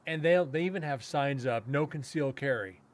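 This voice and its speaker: Man, a bit higher voice, rambling, lots of fillers, chuckles now and then, casual chat. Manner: rambling, with frequent fillers and self-restarts, chuckling; acts out other people's lines in quick quotes. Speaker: paranormal investigator and podcast host.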